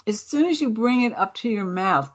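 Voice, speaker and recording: A woman's voice: a little high, animated, normal speed, breathy edge, dull audio. A woman hosting a casual radio chat, tasting cookies on air, chatty and laughing often. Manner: chatty, laughs often, talks with mouth full. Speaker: radio show host.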